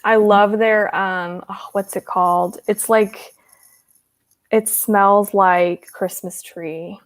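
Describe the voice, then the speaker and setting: A woman's voice: medium pitch, steady tone, takes it slowly. Giggly young woman chatting on a stream. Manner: giggly, chatty, rambling with many "like"s. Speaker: host reading live chat. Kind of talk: casual livestream chat.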